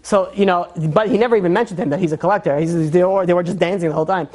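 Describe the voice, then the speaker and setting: With a high voice and a very fast delivery, a rabbi brings a sermon story to life, playing out the people in the tale. His talk is full of fillers and restarts.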